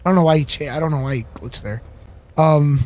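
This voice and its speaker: High-voiced man rambling over gameplay. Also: fairly quick, darkish tone. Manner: rambling, filler-heavy, giggly. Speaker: gaming streamer. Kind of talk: casual gameplay chat.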